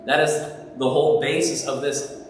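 A man's voice: a little high, steady tone, moderate pace, a little hiss or hum. A man preaching a sermon as pastor, speaking conversationally and asking the congregation questions. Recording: echoey hall, voice from far off.

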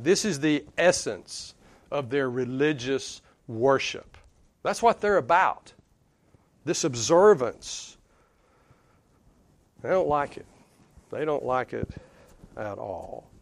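A man's voice: medium pitch, no echo. A man with a Southern US accent preaching a sermon in a conversational, emphatic way, chuckling between points. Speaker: pastor.

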